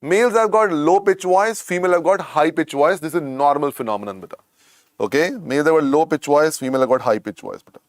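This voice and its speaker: A man with an Indian accent and a croaky voice teaches an online medical lecture, repeating points and coaxing students. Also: fairly high pitch, fast talker, no room sound, clean studio sound. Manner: repetitive, coaxing, calls students "beta".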